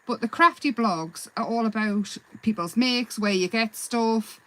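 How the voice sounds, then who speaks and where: A woman hosting a live craft demonstration, chatting in a relaxed, rambling way and answering viewers' comments as she works. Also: on the high side, a little slow, low-quality recording. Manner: relaxed, self-deprecating. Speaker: craft livestream host.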